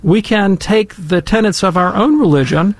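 A man telling a story and giving commentary in a casual, animated, emphatic way. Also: high voice, normal speed, no room sound. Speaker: guest commentator.

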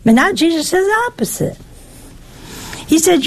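A woman, older, preaching a sermon with lively, teasing rhetorical questions. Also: very high voice, normal speed, pauses often.

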